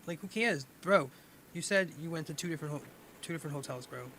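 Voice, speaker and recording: A man's voice: a little high, moderate pace, noisy background. A man co-hosting a livestream, talking casually and dismissively. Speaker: co-host. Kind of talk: livestream chat.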